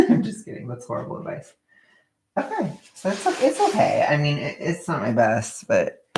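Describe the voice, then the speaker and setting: A woman's voice: very deep voice, gravelly, a little mellow, slight background noise. A woman chatting casually on a livestream while wrapping gifts, rambling and joking at her own expense. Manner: rambling, self-mocking, joking. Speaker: vlogger livestreaming.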